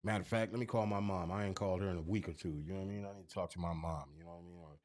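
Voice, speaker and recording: A man's voice: sits low, steady tone, racing, darkish tone. A man co-hosting a podcast, talking casually with an emphatic, profane, preachy manner. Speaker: podcast co-host.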